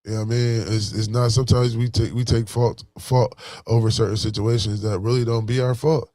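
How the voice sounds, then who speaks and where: A man's voice: mid-range voice, level tone, a little fast, mellow, no room sound, studio quality. A man from Buffalo with a Buffalo accent giving a casual motivational talk, slangy and full of "you know what I'm saying.". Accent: Buffalo, New York. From Buffalo, New York. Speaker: vlogger.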